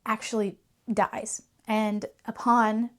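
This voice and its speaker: A woman's voice: on the high side, little pitch movement, takes it slowly. A woman host giving an earnest, reflective talk about faith and telling a parable. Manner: earnest and reflective, with occasional laughs. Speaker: faith coach and channel host. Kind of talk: faith teaching talk with storytelling.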